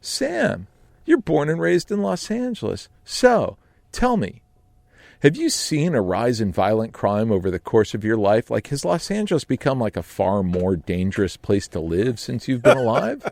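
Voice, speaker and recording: A man voicing an excitable male casting director who gushes out prying questions, in a radio studio. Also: mid-range voice, moderate pace, creaky, no echo. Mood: eager.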